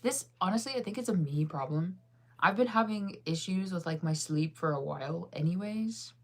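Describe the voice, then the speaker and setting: Speaking at a moderate pace in an animated, lower-register voice, this thirtysomething vlogger chats casually while reading her live chat. She's tired, yawning, and rambles with plenty of "like."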